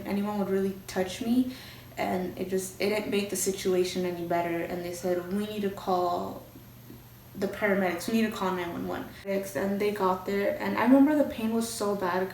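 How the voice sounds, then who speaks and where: Chatty and unfiltered, a young female vlogger swears freely as she shares a casual storytime. Her voice sits in the middle range, and the distant, echoey recording carries some hiss or hum.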